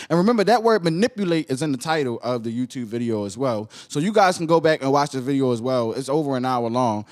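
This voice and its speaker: A man with a fairly high voice and a Baltimore accent hosts a podcast, reacting animatedly and casually to a video. He often repeats himself and throws in "right?"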